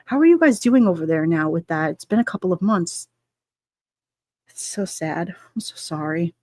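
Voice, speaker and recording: A woman's voice: on the low side, animated, moderate pace, a little mellow, no room sound, clean studio sound. A middle-aged woman hosting a livestream, chatting casually and rambling with frequent laughs while she reads out chat comments. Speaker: livestream host reading chat.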